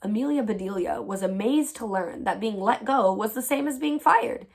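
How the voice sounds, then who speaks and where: A teacher reading a children's chapter book aloud, with clear, expressive storytelling. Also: female voice, mid-range voice, moderate pace.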